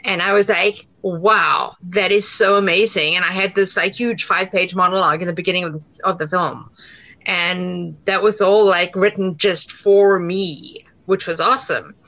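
A woman's voice: fairly low pitch, steady tone, normal speed, a bit bright, lo-fi sound. A woman with a South African accent, an actor telling stories in an interview, chatty with many fillers and restarts. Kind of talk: casual interview answers.

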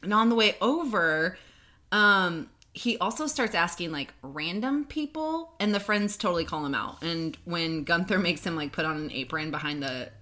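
A woman's voice: on the low side, expressive, normal speed, pushed and bright. A woman co-hosting a podcast in casual chat, talking with lots of fillers and laughing easily. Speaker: podcast co-host. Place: in person with co-host.

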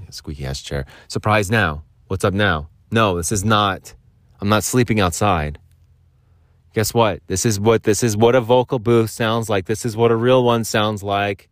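A man's voice: on the low side, dry recording, studio quality. A young man in his twenties rambling and joking as a podcast host in a vocal booth, swearing now and then. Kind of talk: casual solo podcast chat.

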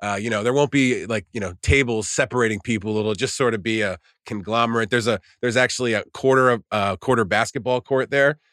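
A man's voice: medium pitch, brisk, hardly any pauses, a bit bright, no echo, studio quality. A man co-hosting a casual podcast chat, telling long rambling stories and swearing freely. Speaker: podcast co-host.

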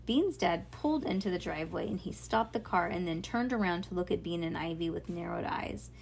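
A woman's voice: on the low side, expressive, brisk, creaky, darkish tone, slightly rough. A woman reading a children's book aloud in a casual, unpolished way. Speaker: reader.

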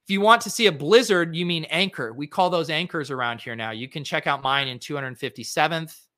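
Guy hosting a fantasy sports show, bright crisp voice, lots of ums and uhs, dry close sound. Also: on the high side, a little fast, no room sound. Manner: relaxed, filler-heavy, thinking aloud. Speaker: fantasy sports podcast host. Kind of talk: casual solo lineup review.

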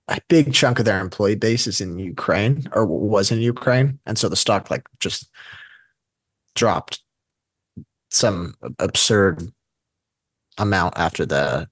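Low-voiced man chatting about stocks. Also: breathy edge, dry recording. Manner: rambling, self-correcting. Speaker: podcast co-host. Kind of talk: casual investing chat.

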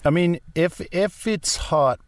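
A man's voice: fairly high pitch, slow pace, no room sound. Man, forties, casual guest chat, rambling, self-mocking, many restarts, dry close sound. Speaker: podcast guest.

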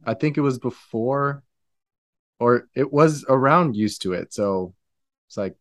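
A man's voice: mid-range voice, lively intonation, a little slow, no echo. Casual male interviewer, dry close sound. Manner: loose, filler-heavy phrasing.

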